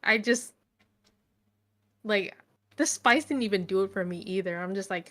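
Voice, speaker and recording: A young woman talking through a book recap with lots of fillers and an animated, rambling delivery. Her voice sits at an ordinary middle pitch, relaxed and conversational, like chatting with a friend. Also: normal speed, pauses often. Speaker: book reviewer. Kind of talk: casual chat.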